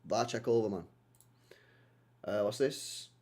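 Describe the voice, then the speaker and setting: A young man hosting a live football watchalong, reading chat and reacting in an animated, teasing way. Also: lowish voice, normal speed.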